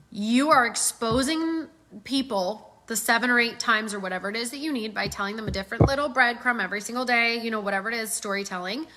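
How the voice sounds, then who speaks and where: A middle-aged woman giving casual sales coaching, animated and acting out customer voices as she talks. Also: on the high side. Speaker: sales trainer.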